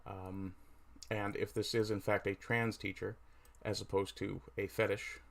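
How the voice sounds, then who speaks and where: A man with a low voice hosts a casual home livestream, talking loosely to his chat. He pauses often and fills the gaps with ums and uhs. His mic sits right under his chin. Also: level tone, gravelly, a bit bright. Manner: hesitant, many fillers, reads chat aloud. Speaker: livestream host.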